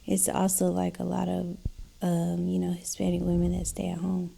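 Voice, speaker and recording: A young woman co-hosting a podcast with her husband, speaking hesitantly and softly in casual chat. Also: fairly low pitch, completely flat delivery, normal speed, vocal fry, heavy background noise. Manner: hesitant, many fillers, soft-spoken. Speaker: podcast co-host.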